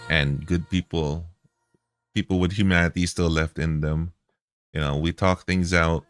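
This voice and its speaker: A man's voice: deep voice, steady tone, measured pace, dry recording, soft background music. A man streaming a reaction video, talking in a heated, profane, repetitive way.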